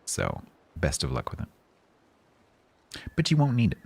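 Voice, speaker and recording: A man chatting calmly on a game livestream, rambling with fillers and restarts. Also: low voice, measured pace, creaky, breathy edge. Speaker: game streamer. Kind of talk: casual livestream chat.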